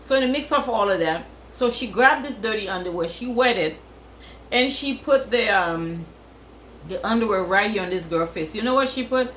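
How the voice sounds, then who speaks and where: A woman's voice: mid-range voice, lively intonation, moderate pace, fairly bright tone, roomy sound, a little hiss or hum, low-quality recording. A woman from Africa, telling a crude story in a casual vlog and repeating phrases for effect. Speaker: vlogger.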